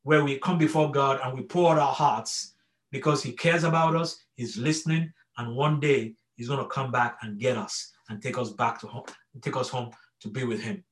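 A man's voice: mid-range voice, fairly even intonation, moderate pace. A middle-aged man preaching an earnest evening sermon, often stopping to check in with "okay?" and restarting his sentences. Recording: echoey room.

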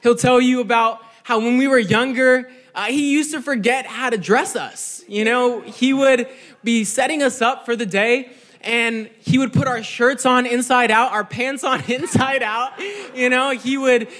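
A young male preacher with a high, light voice delivers a casual, conversational sermon. He sounds earnest and reflective and often checks in with his listeners. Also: steady tone, measured pace, fairly bright tone. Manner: conversational, keeps asking "right?".

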